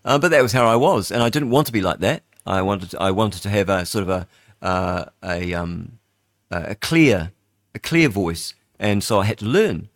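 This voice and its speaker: An older man from New Zealand, speaking low at a normal pace, runs a talk-radio show. The studio recording is clean and echo-free, and his monologue wanders chattily, packed with fillers and restarts.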